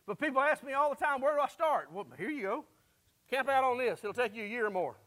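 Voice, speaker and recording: A man's voice: very high-pitched, animated, fast talker, bright, forceful tone, dry recording. A man preaching, reading faith declarations one line at a time in an emphatic, declaring way, sounding a little out of breath.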